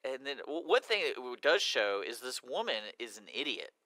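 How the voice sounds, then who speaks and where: Bright-voiced young man reviewing movies. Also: medium pitch, normal speed, dry recording, rough recording. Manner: animated, acts out dialogue while retelling scenes. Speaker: podcast co-host. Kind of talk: casual movie review chat.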